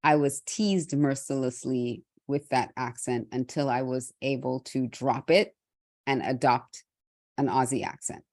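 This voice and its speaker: A middle-aged woman from Trinidad hosting a motivational talk, speaking candidly and reflectively with restarts and soft laughs. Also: extremely low pitch, fairly even intonation, unhurried, dry recording, studio quality. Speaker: host.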